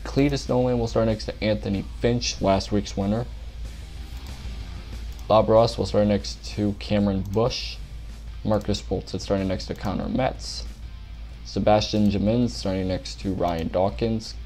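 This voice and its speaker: A man's voice: on the low side, fairly even intonation, a little slow, darkish tone, soft background music. Breathless young man doing pretend race commentary. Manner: tired, rambling, stumbles over names.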